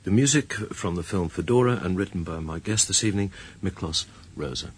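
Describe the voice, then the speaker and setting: A man's voice: low-pitched, fairly quick. A man hosting a radio interview, introducing music and prompting his guest.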